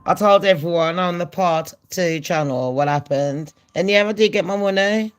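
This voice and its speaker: A woman's voice: fairly low pitch, clean tone. Brash, nasal woman gossiping. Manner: brash, sweary, fast and chatty. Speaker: gossip channel host. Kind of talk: casual gossip vlog.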